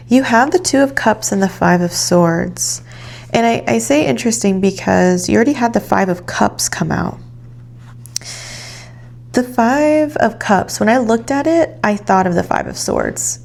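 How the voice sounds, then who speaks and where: A woman giving a calm, reflective tarot reading, guiding the listener gently. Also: medium pitch, normal speed, creaky. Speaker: tarot reader.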